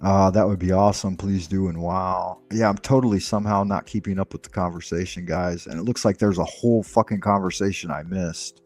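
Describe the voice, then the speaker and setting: A man's voice: sits low, steady tone, brisk, few pauses, darkish tone, faint music behind. A man hosting a livestream, rambling through casual stories with profanity and chuckles. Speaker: livestream host. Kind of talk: casual chat.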